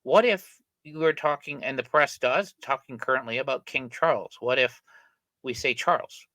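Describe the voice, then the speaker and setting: A man's voice: mid-range voice, moderate pace, sharp tone, dry recording, poor audio. A middle-aged man hosting a channel, giving casual spoken commentary on an article he is reading, rambling along with frequent fillers and self-corrections. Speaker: channel host discussing an article.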